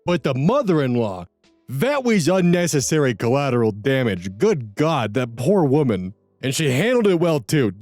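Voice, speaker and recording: A man hosting a channel, reading online posts aloud and adding expressive, quick-witted commentary. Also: mid-range voice, no echo. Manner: expressive, animated, quick asides. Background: faint lofi music.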